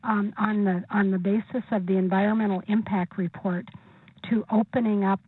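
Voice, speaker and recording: Careful female caller, mid-pitched and husky, dry tinny phone line. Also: level tone, normal speed, dry recording. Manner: careful, spells out her name. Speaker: caller giving public comment.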